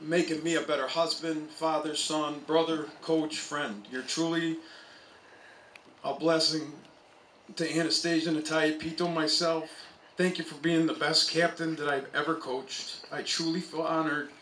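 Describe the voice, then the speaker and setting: A man's voice: on the high side, level tone, unhurried, a bit bright, echoey room, distant mic, a little hiss or hum, low-quality recording. A man, a college soccer coach, telling stories at an outdoor memorial speech. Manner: anecdotal storytelling, with chuckles. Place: outdoor stadium.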